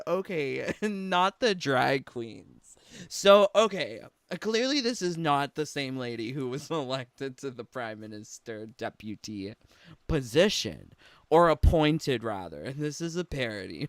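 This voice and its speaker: A man hosting a casual reaction video, talking slowly over a clip in a smooth, clean voice. He rambles through his asides, swearing freely and breaking into giggles. The sound is close and dry. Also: on the high side, very animated, no echo.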